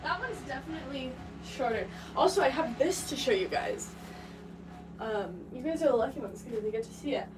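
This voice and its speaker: A woman's voice: high voice, animated. A young woman rambling casually and laughing as she chats with a live-stream audience from a pottery studio. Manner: rambling, chatty, quick to laugh. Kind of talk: casual live-stream chat while working. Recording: distant mic with background noise.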